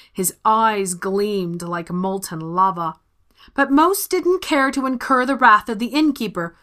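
Female narrator, measured soft-spoken storybook read. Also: on the high side.

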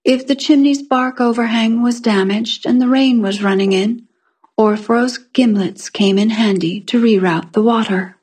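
A woman narrating a fantasy short story in a calm, measured way. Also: fairly high pitch, slightly rough. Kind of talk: scripted fiction narration.

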